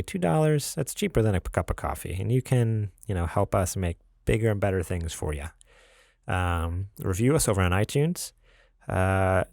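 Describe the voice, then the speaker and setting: A man's voice: fairly low pitch, gravelly, no echo, clean studio sound. A man co-hosting a gaming podcast in casual chat, rambling easily with lots of fillers. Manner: easygoing, rambling with many fillers and laughs. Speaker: podcast co-host.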